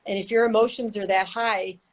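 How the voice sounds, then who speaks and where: A woman's voice: mid-range voice, fairly even intonation, fairly quick. A middle-aged woman, a mediator and therapist, talking in an earnest, teacherly way and repeating her key points. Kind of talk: casual explanatory chat.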